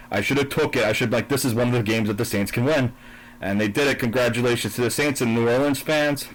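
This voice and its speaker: A man's voice: mid-range voice, low-quality recording. A man giving a profane, sarcastic, combative rant, then recapping his football picks. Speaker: sports and politics commentator.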